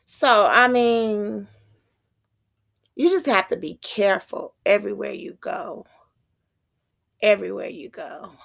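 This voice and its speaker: A woman teaching poetic meter in an informal spiritual talk, thinking aloud, slowing down to read terms and stumbling over unfamiliar words. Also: medium pitch, vocal fry, a bit bright.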